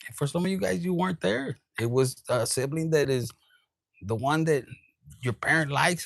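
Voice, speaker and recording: A man giving a tarot reading, his voice sitting a little high and full of gravelly fry. He swears freely and switches between English and Spanish. The sound is dry and close. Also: normal speed, dry recording. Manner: profane, animated, switches into Spanish. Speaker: tarot reader.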